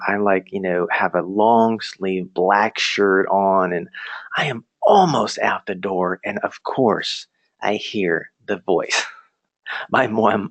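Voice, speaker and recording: A man's voice: on the low side, fairly bright tone, dry recording. A young man telling a personal story in a class presentation, chatty and self-deprecating, laughing often and asking the audience questions.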